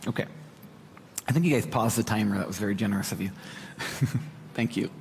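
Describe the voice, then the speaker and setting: A young man giving a conversational sermon as a preacher, animated and talking straight to the congregation with asides. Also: on the low side, brisk, slight background noise. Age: young adult. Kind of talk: sermon teaching. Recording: hall reverb.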